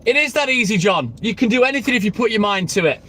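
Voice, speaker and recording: A man's voice: high voice, animated, quick pace, pushed and bright. A middle-aged man chatting on a phone live stream from a moving vehicle, blunt and combative, swearing heavily as he answers comments. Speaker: livestreaming milkman. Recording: noisy car with wind noise on mic.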